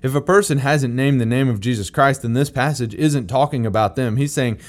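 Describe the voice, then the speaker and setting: A man's voice: mid-range voice, brisk. Plain-spoken male Bible teacher. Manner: plain-spoken, emphatic, repeats key phrases.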